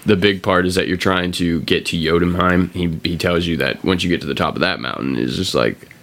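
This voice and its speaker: Gravelly low-voiced man retelling a game. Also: fairly bright tone. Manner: laughing often, swearing, acting out lines in quick voices. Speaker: podcast host. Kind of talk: casual chat, retelling a game story.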